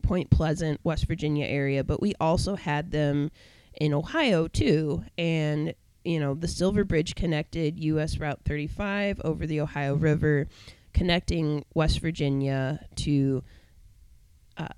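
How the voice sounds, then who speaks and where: A woman's voice: deep voice, measured pace, darkish tone, clear, resonant tone, no echo, poor audio. Chatty woman podcast host. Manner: chatty, rambling, self-correcting. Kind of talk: casual podcast chat.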